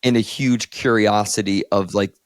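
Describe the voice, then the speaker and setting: A man's voice: lowish voice, fairly even intonation, moderate pace, dry recording, studio quality. A man in his thirties from Northeast Ohio, a therapist co-hosting a podcast, telling a personal story candidly, with many "like"s. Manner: candid, heavy use of "like", emotional storytelling. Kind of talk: casual podcast conversation.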